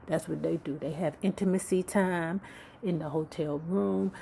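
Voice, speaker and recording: Brief: low-pitched woman, sassy gossip host, profane asides, faint noise behind. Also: fairly even intonation, moderate pace, gravelly, mellow. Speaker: YouTube book club host. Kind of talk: casual gossip storytelling.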